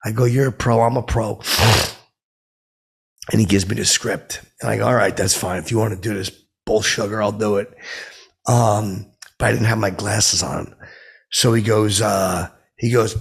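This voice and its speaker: A man with a gravelly, husky voice tells a long comic story in a dim, oblivious deadpan. He rambles with restarts and fillers. His pitch leaps up whenever he acts out what someone said. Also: normal speed. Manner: dim, oblivious character voice that pitches up sharply when quoting people. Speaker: comedic podcast host.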